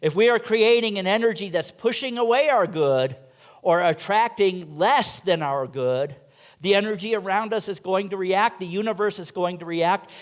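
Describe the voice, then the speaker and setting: A man preaching a sermon in a church, asking the congregation rhetorical questions and making playful asides to them. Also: sits high. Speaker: minister. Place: church sanctuary.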